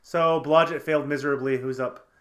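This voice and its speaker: A man's voice: fairly high pitch, steady tone, brisk, a bit bright. Guy playing a tabletop game, jokey, lots of uhs and restarts, casual chat. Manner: hesitant, joking, many fillers. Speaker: player.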